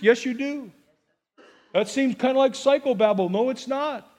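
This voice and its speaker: A man preaching a sermon as pastor, animated and acting out little scenes and voices for his congregation. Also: extremely high pitch, normal speed.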